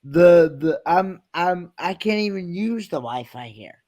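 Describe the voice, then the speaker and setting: A man chatting casually on a livestream from a hotel room, halting and repeating himself. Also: high-pitched, expressive, darkish tone. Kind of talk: casual chat.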